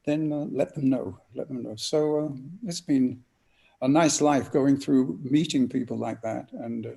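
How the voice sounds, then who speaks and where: An older man, an actor and narrator, telling lively anecdotes and acting out voices in an interview. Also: mid-range voice, unhurried, creaky. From England. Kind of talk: storytelling interview guest.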